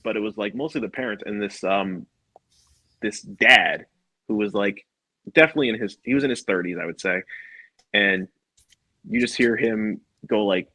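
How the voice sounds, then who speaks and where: A man talks casually on a podcast, telling lively stories and acting out what everyone said. His voice is sharp and bright with a husky edge, recorded dry and close. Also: lowish voice, normal speed, pauses often, dry recording, low-quality recording. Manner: animated storyteller who acts out both sides of a story. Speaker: guest, puppeteer.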